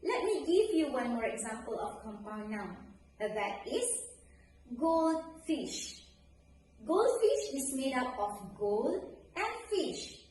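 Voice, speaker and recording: A woman teacher with a high, sing-song voice walks pupils through a grammar lesson, slowly and clearly. She sounds distant from the mic in a very echoey room with faint background noise. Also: big pitch swings, darkish tone. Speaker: primary school English teacher.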